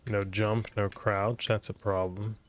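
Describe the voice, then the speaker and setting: A man's voice: fairly low pitch, level tone, a little slow. A man giving casual let's-play commentary, sounding tired and mumbly, with offhand swearing. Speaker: gaming streamer.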